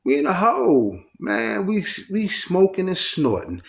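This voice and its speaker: A man with a gravelly, slightly high voice tells a story casually, cursing freely and rambling from one detail to the next. His telling is loose and animated, with quick asides and repeated words. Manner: profane, rambling, animated retelling.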